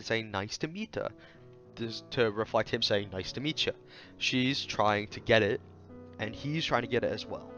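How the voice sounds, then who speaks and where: Casual male manga reviewer, muffled audio. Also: medium pitch. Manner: loose, thinking aloud, fillers, quoting characters in lively voices. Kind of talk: casual commentary video.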